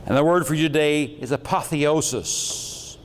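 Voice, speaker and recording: A man's voice: a little high, unhurried, big-room sound, slight background noise. A man giving a lecture with slides on metaphysics, talking in a rambling, jokey and irreverent way.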